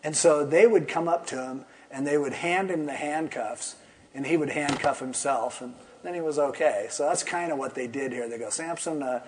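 A pastor teaching a Bible passage in an easygoing, conversational way, retelling the story with humorous asides. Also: male voice, fairly high pitch, moderate pace, darkish tone.

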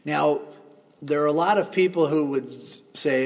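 A man's voice: on the high side, normal speed. A man preaching a sermon as a pastor, explaining scripture in a casual, plain-spoken way. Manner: conversational, explains scripture in plain everyday terms. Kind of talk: expository sermon. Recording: long reverb of a large hall.

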